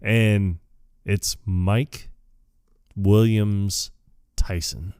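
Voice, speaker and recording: A man co-hosting a podcast, recapping a movie in casual chat, laughing often and acting out lines in lively voices. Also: lowish voice, drawn-out words, clean tone, no room sound, clean studio sound. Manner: laughs often, acts out quotes in animated voices. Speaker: podcast co-host.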